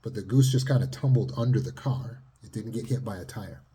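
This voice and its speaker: Male trauma coach, low and warm, heavily husky, calm teaching delivery. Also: fairly quick. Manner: calm, steady, sometimes dropping to a near whisper. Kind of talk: teaching monologue.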